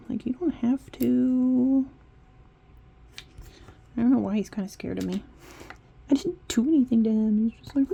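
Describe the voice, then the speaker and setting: A woman's voice: a little high, moderate pace, vocal fry, long pauses, warm tone, slight background noise. A woman vlogger chatting casually and rambling while she decorates her planner. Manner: chatty, rambling, self-interrupting.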